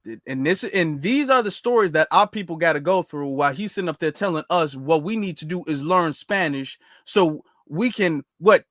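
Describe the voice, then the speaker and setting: Guy hosting his show, kinda high voice, dry close mic, talks straight and emphatic. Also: expressive, normal speed, hardly any pauses, a bit bright, dry recording. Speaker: show host. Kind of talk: casual commentary.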